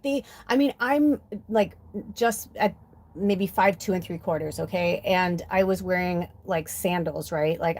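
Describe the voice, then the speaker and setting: A lowish, dark voice comes from an American woman in her 50s who works as a spiritual medium and oracle card reader. On her livestream she tells stories in a casual, chatty, heartfelt, rambling manner.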